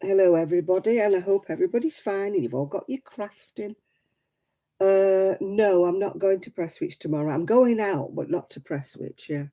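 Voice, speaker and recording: A woman's voice: medium pitch, moderate pace, mellow, rough recording. A woman hosting a casual crafting livestream, chatting to viewers by name in a self-deprecating way.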